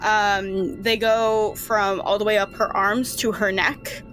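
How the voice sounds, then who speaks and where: A woman's voice: mid-range voice, little pitch movement, takes it slowly, fairly bright tone, soft background music. Woman narrating as game master. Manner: casual, rambling narration with fillers.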